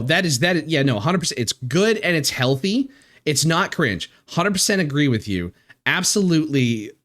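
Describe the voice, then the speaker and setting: A man streaming live, talking in a halting, emotional way with many restarts and swearing, close to tears. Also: fairly high pitch, fairly bright tone. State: near tears. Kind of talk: casual live-stream chat.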